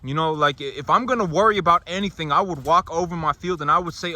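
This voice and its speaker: A man's voice: on the high side, fast talker, hardly any pauses, bright, forceful tone. A man, a farmer, talking casually to the camera outdoors on his farm, rambling and restarting his sentences. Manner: rambling, repeats himself, restarts often. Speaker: farmer and vlogger.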